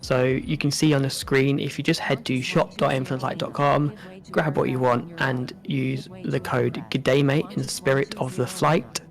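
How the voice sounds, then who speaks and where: A man co-hosting a live stream, chatting casually with a relaxed manner and frequent ums. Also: mid-range voice, normal speed, gravelly, few pauses. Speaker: stream co-host.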